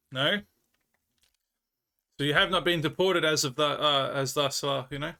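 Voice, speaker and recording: A man's voice: on the high side, unhurried, vocal fry, pushed and bright. A man with an Australian accent chatting with viewers on a live stream, telling rambling stories and laughing often. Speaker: livestreamer. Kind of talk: casual chat with viewers.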